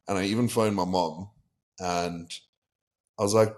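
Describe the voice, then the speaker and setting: With a measured pace and steady tone, a young South African podcast guest speaks in a voice on the low side. He tells a candid, casual story, acting out the conversations people had with him.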